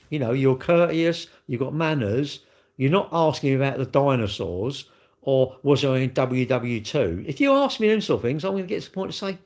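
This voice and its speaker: A man, chatting casually to viewers as a livestream host, rambling and repeating himself in a blunt, chatty way. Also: fairly high pitch. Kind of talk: casual chat to live viewers.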